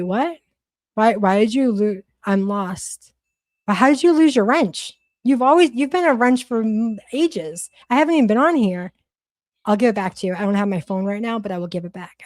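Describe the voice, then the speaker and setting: A woman's voice: medium pitch, a little mellow, no echo. A woman from Massachusetts with a Boston accent, chatting bluntly and profanely on a livestream, rambling with lots of restarts. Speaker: livestream host. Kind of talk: casual livestream chat.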